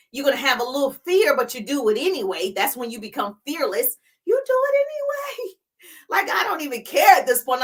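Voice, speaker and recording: A woman's voice: sits high, pushed and bright, rough recording. A middle-aged woman business coach giving an emphatic, hyped live-streamed pep talk, chatty and laughing between points.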